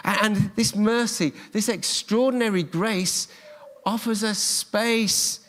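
A male preacher delivers an earnest sermon, repeating key phrases for emphasis. His voice sits a little high for a man, and a long reverb hangs in the large church around him. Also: steady tone, slow. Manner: earnest, warm storytelling with emphatic repetition.

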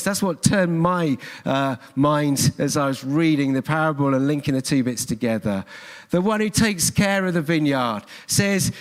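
A male preacher delivers an earnest sermon, repeating key phrases for emphasis. His voice sits a little high for a man, and a long reverb hangs in the large church around him. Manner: earnest, warm storytelling with emphatic repetition.

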